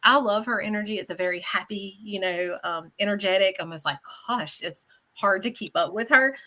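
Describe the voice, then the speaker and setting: Lady medium doing live readings, bright voice, animated, keeps saying okay?. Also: mid-range voice, fairly quick. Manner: chatty and animated, often checking in with "okay?". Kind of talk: live radio show reading.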